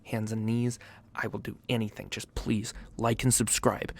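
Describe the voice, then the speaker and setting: A man's voice: medium pitch, little pitch movement, normal speed, vocal fry, husky. A man hosting a casual commentary video, profane, joking and hyperbolic. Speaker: YouTube host.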